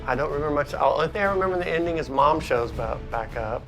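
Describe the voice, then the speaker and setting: A man with a fairly high, lively voice who recalls movie scenes in a relaxed, agreeable way. Faint music sits underneath. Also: quick pace. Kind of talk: casual movie chat.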